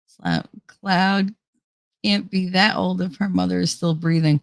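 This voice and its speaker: Low and sing-song, a bit creaky, this middle-aged woman speaks slowly as she hosts a relaxed livestream, chatting with viewers, reading comments, laughing often and cursing freely. Her tone is clean, recorded in a studio with no echo.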